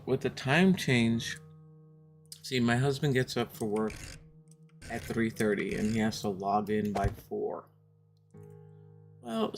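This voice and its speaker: A woman streaming a game, chatting casually with her viewers, laughing often and telling stories from home. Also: a bass voice.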